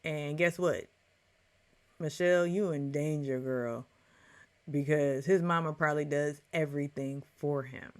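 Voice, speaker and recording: A woman commenting on a reality show in a casual, opinionated rant, animated and quick to act out other people's lines. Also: low voice. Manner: opinionated, animated, puts on voices when quoting.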